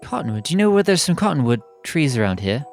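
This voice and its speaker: A man in a tabletop game speaks in character with a lively, swooping voice. He is playful and relaxed. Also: fairly high pitch, quick pace, vocal fry, soft background music. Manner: playful, expressive. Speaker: player. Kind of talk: casual tabletop role-play.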